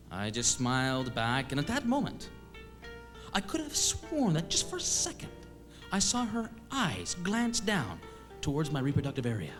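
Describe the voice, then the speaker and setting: A man from eastern Canada telling a comic story on stage, with a wry, deadpan, self-mocking delivery. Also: on the high side, normal speed, over music. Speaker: comedian storyteller. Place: stage at a live show.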